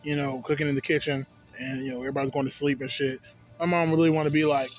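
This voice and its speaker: A man's voice: fairly high pitch, flat delivery, rapid-fire, soft background music. A young man casually reviewing a vape on his vlog, rambling and swearing through digressions. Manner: profane, rambling, digressive storytelling.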